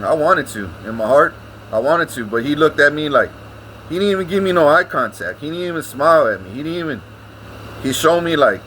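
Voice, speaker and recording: A man's voice: medium pitch, expressive, brisk, fairly bright tone, a little hiss or hum, rough recording. A man, ranting casually to his vlog audience, swearing often and repeating himself. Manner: profane, rambling, repeats himself. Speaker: vlogger.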